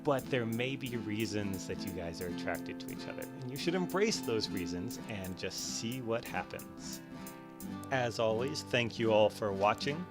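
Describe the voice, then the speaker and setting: A man's voice: fairly low pitch, animated, normal speed, loud music behind the voice. A young man hosting a casual explainer while playing a game, telling stories and acting out what people are thinking. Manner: storytelling, acts out inner voices. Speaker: host. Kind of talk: casual explainer over gameplay.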